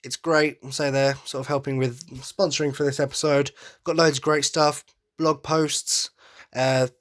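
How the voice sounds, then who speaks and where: A man's voice: fairly high pitch, flat delivery, unhurried, fairly bright tone. Rambling, enthusiastic male podcast host. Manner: rambling, self-correcting, enthusiastic. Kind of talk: casual podcast monologue.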